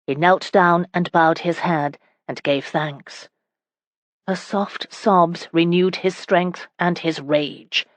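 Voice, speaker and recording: A woman narrating a historical romance audiobook in a steady, even reading. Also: on the low side, takes it slowly, dry recording. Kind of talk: scripted narration.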